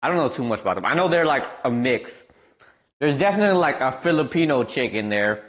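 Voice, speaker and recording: A young man from the American Midwest talks loosely on his live stream, rambling from one thought to the next. He answers viewers' messages aloud in an easy, casual way. His pitch swings up and down freely as he talks. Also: animated, fast talker, fairly bright tone.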